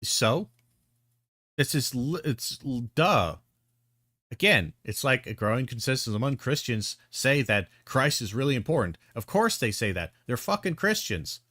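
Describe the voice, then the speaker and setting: A man's voice: mid-range voice, very animated, measured pace, sharp tone, dry recording, studio quality. A man giving sarcastic, profane reaction commentary as a video reviewer, sounding exasperated.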